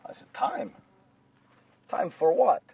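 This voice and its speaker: A man's voice: takes it slowly, darkish tone, far from the mic, lightly acted. A man performing a first-person monologue as Joseph, a nervous and earnest nineteen-year-old Jewish husband, telling his story in a wry, rambling way with repeated phrases. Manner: repetitive, wry storytelling with self-corrections. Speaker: solo stage performer. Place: live stage before an audience.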